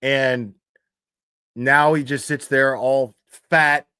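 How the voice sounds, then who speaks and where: A man's voice: mid-range voice, fairly even intonation, very slow, bright, forceful tone, clean tone, no room sound, studio quality. A man hosting a livestream, talking casually in a profane, mocking rant. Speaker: streamer host.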